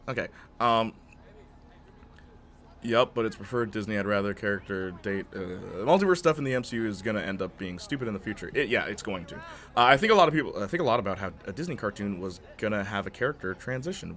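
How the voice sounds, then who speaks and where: A young man streaming gameplay, chatting in a rambling, excitable way with lots of fillers and tangents. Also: fairly low pitch, fast. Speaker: gaming streamer. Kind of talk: livestream gameplay commentary.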